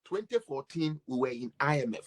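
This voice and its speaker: A man with a Ghanaian accent delivering a mocking, sarcastic political rant, swinging between loud outbursts and low mutters. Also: expressive, moderate pace. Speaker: political commentator.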